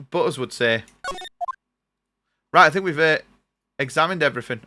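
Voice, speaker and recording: A man's voice: on the high side, lively intonation, moderate pace, pauses often, over music. Chatty man reading game text. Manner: chatty, reads on-screen text in his own voice. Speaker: streamer. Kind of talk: live game playthrough, reading dialogue aloud.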